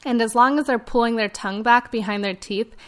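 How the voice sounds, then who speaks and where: A woman speech-language pathologist hosting a podcast, explaining clearly and demonstrating sounds as she goes. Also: a little high, a little fast.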